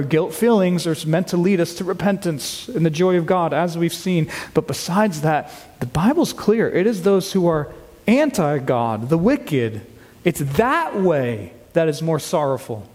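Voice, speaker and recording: Earnest preacher in a reverberant church. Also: male voice, fairly high pitch, a little mellow. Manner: earnest, emphatic, slows down to read scripture. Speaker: pastor. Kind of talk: sermon. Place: church sanctuary.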